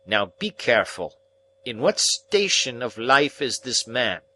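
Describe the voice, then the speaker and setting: A man voicing a stern, bullying older lawyer in an audiobook reading, barking harsh, forceful commands. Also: mid-range voice, sing-song, measured pace, pitched above the performer's own voice, full character voice.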